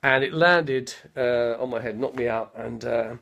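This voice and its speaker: The recording is muffled, capturing a gravelly, husky man in his fifties with a medium pitch and a fairly bright tone. He rambles through casual live-stream stories, slow and halting, stuttering mildly after a head injury and often losing his train of thought.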